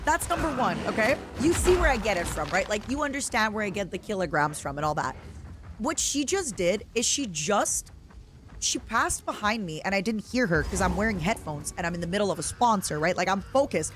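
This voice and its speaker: Woman, streamer, casual gaming chat, giggly, squeals, lively swooping pitch. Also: fairly quick, a little hiss or hum. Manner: excitable and giggly, bursts into squeals.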